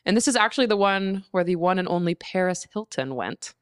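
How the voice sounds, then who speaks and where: A woman with a fairly low, smooth voice tells a story to her co-hosts in a loose, swearing podcast chat. The sound is close and dry, with no room around it. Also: animated, fairly quick, no echo. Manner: swears freely, trails into laughs. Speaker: podcast co-host telling the story.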